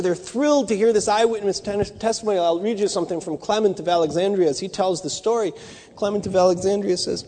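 A man's voice: high voice, darkish tone. A man giving a teaching sermon in a loose, conversational way, with restarts and asides. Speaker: bible teacher. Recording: long hall reverb.

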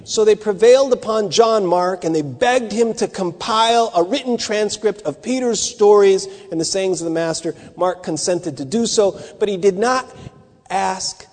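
High-voiced man teaching in an echoing hall. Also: moderate pace, a little mellow. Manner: conversational, restarts and asides. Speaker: bible teacher. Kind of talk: teaching sermon. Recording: long hall reverb.

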